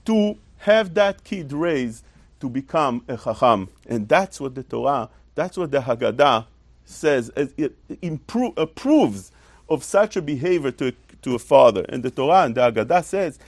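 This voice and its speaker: A man giving a religious lesson as a Torah teacher, talking in an animated, emphatic way with rhetorical questions and repetition. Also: medium pitch, moderate pace, no room sound.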